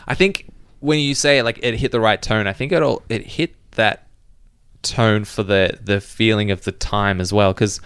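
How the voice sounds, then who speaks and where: A man's voice: lowish voice, normal speed, clean tone, dry recording, clean studio sound. A man co-hosting a casual film podcast, laughing often as he tells stories. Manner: laughs often, animated storytelling. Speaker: podcast co-host. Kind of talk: casual chat.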